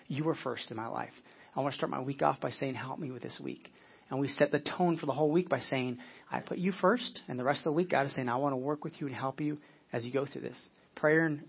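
A man's voice: on the high side, slightly rough, muffled recording. A man preaching a sermon as pastor, earnest, often repeating words as he searches for them.

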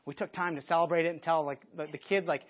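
A man preaching a conversational sermon to a church audience, lively and often restarting his sentences. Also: fairly high pitch, quick pace. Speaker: pastor. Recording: dull lo-fi sermon recording.

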